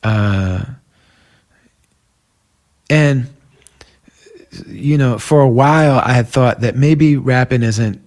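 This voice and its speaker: A man's voice: mid-range voice, slow, long pauses, a little mellow. Earnest middle-aged man telling stories. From Minnesota. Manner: earnest, emotional, conversational with fillers. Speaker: podcast host. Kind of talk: personal storytelling monologue.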